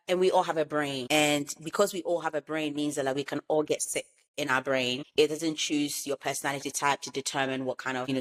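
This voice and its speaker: A woman in casual podcast chat, who repeats words for emphasis. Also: sits low. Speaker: podcast co-host.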